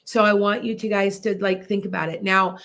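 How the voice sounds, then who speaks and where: A woman from the Midwestern US hosting a psychic radio show, telling stories in a chatty, animated way and speaking straight to her listeners. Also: mid-range voice, fairly quick. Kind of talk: casual storytelling on internet radio.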